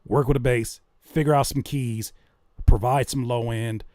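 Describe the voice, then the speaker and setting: A man hosting a casual livestream, reacting to music and joking with chat in an animated way. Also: mid-range voice, a little slow, no echo, clean studio sound. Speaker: livestream host giving music feedback.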